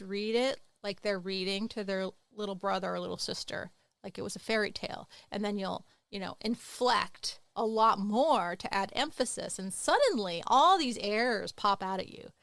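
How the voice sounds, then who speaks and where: A woman chats on a writing podcast, jumping between lively explanation and playful teasing as she would with her students. Her voice is mid-pitched and sits close to the mic in a dry, unreverberant recording. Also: normal speed, creaky, clear, resonant tone, no room sound. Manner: animated, playful teacherly asides. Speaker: podcast co-host. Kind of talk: casual podcast chat.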